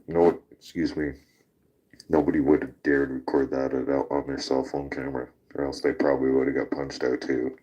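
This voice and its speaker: A man's voice: extremely low pitch, level tone, normal speed, dark tone, slightly rough, highs cut off. A man hosting a casual talk show, telling a rowdy story with laughter and swearing. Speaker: podcast host.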